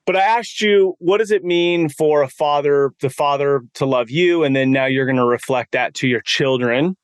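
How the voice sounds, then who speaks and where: Man, podcast host, earnest, emphatic, a bit high voice, dry sound. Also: normal speed, smooth, dry recording. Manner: earnest, emphatic, recaps points for listeners. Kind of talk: podcast conversation.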